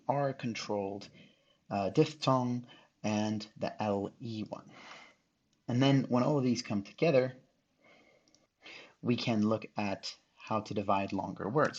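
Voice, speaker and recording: A man's voice: fairly low pitch, husky. A male teacher giving a recorded phonics lesson, patiently sounding out syllables and letters one by one. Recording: dull lo-fi recording.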